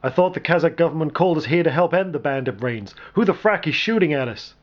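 Man doing a gruff commando leader, barked orders, loud, raised pitch, dull recording. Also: animated, normal speed, natural voice. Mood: angry. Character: gruff male veteran squad leader, commanding.

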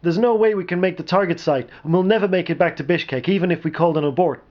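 Man voicing a young male pilot, strained shouting, high pitch, lo-fi sound. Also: slow pace. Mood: urgent.

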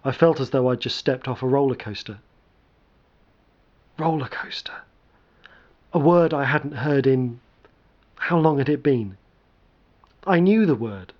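A man narrating a first-person story in a measured, dramatic way. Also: mid-range voice, lively intonation. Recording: dull lo-fi recording.

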